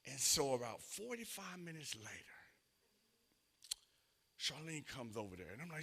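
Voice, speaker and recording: Excitable bright-voiced preacher man. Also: mid-range voice, fairly quick, vocal fry. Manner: animated, excitable storytelling with acted-out dialogue. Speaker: associate minister. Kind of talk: sermon storytelling.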